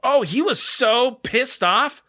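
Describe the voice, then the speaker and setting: A man's voice: very high voice, lively intonation, slow, bright, forceful tone, no echo, studio quality. A man in his thirties, a podcast co-host telling a long story in a casual, rambling way, full of "like" fillers and acted-out quotes. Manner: rambling, many "like" fillers, acts out quoted voices.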